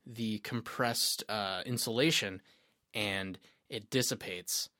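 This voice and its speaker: A man's voice: on the low side, takes it slowly, pushed and bright, dry recording, studio quality. A man co-hosting a podcast in casual chat, explaining things in a matter-of-fact way, in a small room with sound panels. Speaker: podcast co-host.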